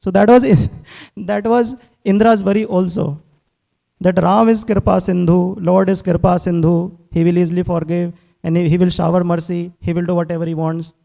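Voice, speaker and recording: Here a temple class speaker preaches a devotional sermon, earnestly telling scripture stories while repeating words and acting out quotes. His voice is high and dark with vocal fry, moves little in pitch, and keeps a normal speed.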